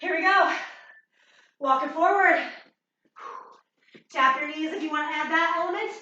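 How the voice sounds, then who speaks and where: A high, bright-voiced woman coaches a bootcamp workout while doing the moves herself, out of breath and encouraging. Her voice rings through a very echoey room, picked up from a distance with a slightly dull sound. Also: normal speed. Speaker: fitness instructor. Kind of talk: workout instruction.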